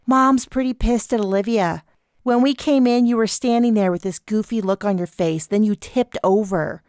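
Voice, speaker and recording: A woman voices a chatty, teasing young woman with a breezy, playful manner, lightly acted and pitched above her own voice. The result is medium in pitch, a little mellow, and normal in speed, recorded at studio quality with no echo.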